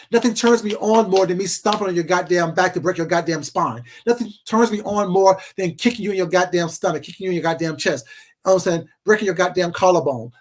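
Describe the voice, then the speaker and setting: There's slight hiss or hum behind this male vlogger, whose voice is notably high. His rant to camera is profane and confrontational, combative but casual, as if viewers sat across from him.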